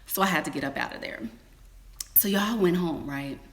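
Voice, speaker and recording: A woman telling a story casually to her viewers, calling them y'all and girl, jumping into squeaky or whispered voices when she quotes people. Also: moderate pace. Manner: animated, acts out quotes in high squeals and whispers. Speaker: storytime vlogger.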